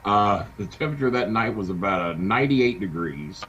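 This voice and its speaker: A middle-aged man, a wrestling manager telling an animated story in a casual interview. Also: on the low side, fairly quick. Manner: animated anecdote-telling with acted quotes. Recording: dull lo-fi sound with faint hiss.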